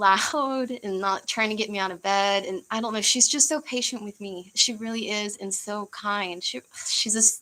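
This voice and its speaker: Give me a young woman from the United States hosting a casual livestream, bright-toned and chatty. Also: mid-range voice, low-quality recording. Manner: chatty, rambling, with frequent laughs and fillers. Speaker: livestream host.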